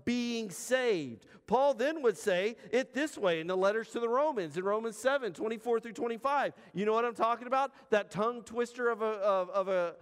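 A man with a high, light voice preaches to his congregation, conversational and direct, leaning on pauses for emphasis. His words ring out with a long reverb from the church hall around him. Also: clean tone. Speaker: pastor. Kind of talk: sermon.

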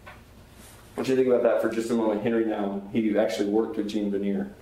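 A man's voice: fairly low pitch, little pitch movement, fast talker, mellow. A man, a chaplain, teaching a Bible class in an earnest, conversational way and putting questions to the group. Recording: very echoey room, faint background hiss.

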